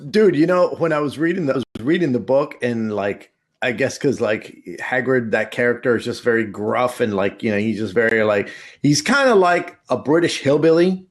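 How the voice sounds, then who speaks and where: A man co-hosting a podcast in casual chat, joking and animated, with slangy talk. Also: medium pitch, moderate pace, few pauses. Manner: joking, animated, slangy, puts on funny voices. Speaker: podcast co-host.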